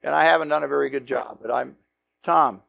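A man teaching a Bible study, telling the stories in a lively way, acting out the quotes and adding joking asides. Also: medium pitch, a little fast, vocal fry. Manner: animated storytelling with acted-out quotes and joking asides.

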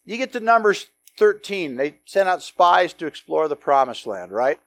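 A man teaching a Bible study, telling the stories in a lively way, acting out the quotes and adding joking asides. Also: fairly high pitch, normal speed. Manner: animated storytelling with acted-out quotes and joking asides.

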